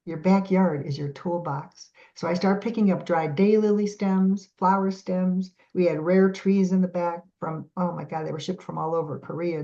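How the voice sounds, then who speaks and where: A middle-aged woman guest on a podcast, telling stories in a lively way and acting out the voices of the people in them. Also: on the low side, creaky. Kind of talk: animated storytelling in a podcast interview. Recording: dull lo-fi audio.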